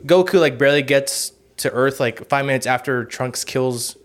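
A man of ordinary middle pitch telling a long story in casual chat. He rambles freely, swears often and leans on "like" and "you know" between thoughts. His tone stays loose and unscripted. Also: moderate pace. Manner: rambling, profane, heavy use of "like" and "you know". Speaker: podcast co-host.

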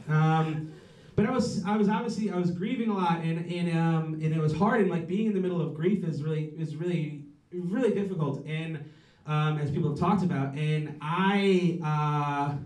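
A man doing a rambling, profane stand-up set with dark jokes. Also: a little high, roomy sound, distant mic, rough recording. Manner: rambling, profane, darkly joking. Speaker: stand-up comedian.

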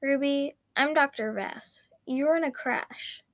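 A woman voicing a calm hospital doctor who gives bad news in a measured, sighing, hesitant way, read from a storybook. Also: sits high, no room sound, voice pushed up. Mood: grave.

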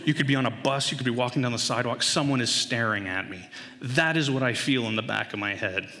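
A man in his thirties telling a humorous family story to an audience, animated, his voice leaping high as he acts out the panic. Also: quick pace, big-room sound. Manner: animated, voice jumps high when acting out panic.

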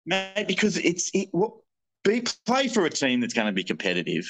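A man's voice: on the high side, wildly swooping pitch, moderate pace, a bit bright, poor audio. An Australian man co-hosting a casual rugby league podcast, blunt and teasing in his opinions. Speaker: podcast co-host. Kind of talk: casual sports chat.

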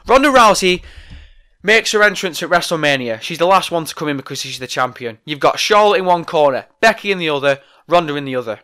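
A man's voice: on the high side, lively intonation, fast talker, few pauses, pushed and bright. A man delivering an angry, profane, sarcastic rant about wrestling. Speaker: wrestling commentator. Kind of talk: ranting monologue.

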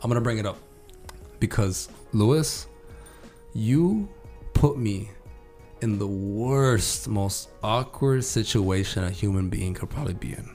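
A young man hosting a casual chat with friends, profane and rambling, with loud bursts. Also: fairly low pitch, measured pace, faint music behind. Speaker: podcast host.

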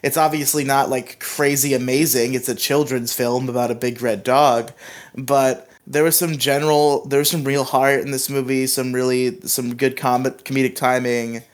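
A man's voice: mid-range voice, level tone, moderate pace. A young man hosting a casual movie review podcast, chatty and teasing, often laughing. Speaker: podcast host.

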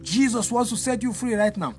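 A man's voice: very high-pitched, lively intonation, a little fast, a little mellow, soft background music. A male pastor delivering a fervent deliverance sermon, repeating phrases in a sing-song preaching cadence.

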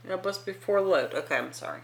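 A woman's voice: on the low side, animated, brisk, gravelly, crowd noise. A woman co-hosting a podcast from her dining room, opinionated and playfully argumentative, swearing freely in casual chat. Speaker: podcast co-host.

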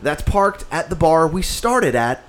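A man's voice: fairly high pitch, measured pace. A man telling a story in casual chat, swearing freely and acting out the other people's lines. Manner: profane, animated storyteller who acts out other people's lines. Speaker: podcast co-host telling a story.

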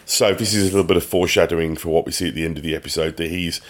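A man co-hosting a podcast, recapping a TV episode in casual chat, rambling with many pauses and restarts. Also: deep voice, steady tone. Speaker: podcast co-host.

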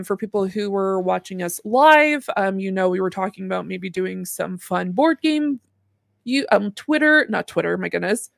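A woman's voice: mid-range voice, gravelly, dry recording, clean studio sound. A woman hosting a casual podcast, chatty and full of fillers, often laughing. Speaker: podcast host.

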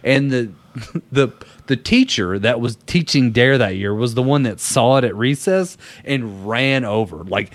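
A young man hosting a casual podcast, telling stories in an animated way and laughing often. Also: mid-range voice, a little slow, no echo. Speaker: podcast host. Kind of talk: casual chat.

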